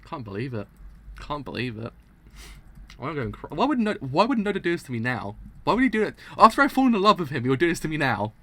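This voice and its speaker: Young male streamer, bright, lively voice, theatrical mock outrage, laughs a lot. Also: a little high, fast. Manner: dramatic, exaggerated mock outrage, laughs often. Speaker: streamer reacting to manga. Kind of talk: live reaction commentary.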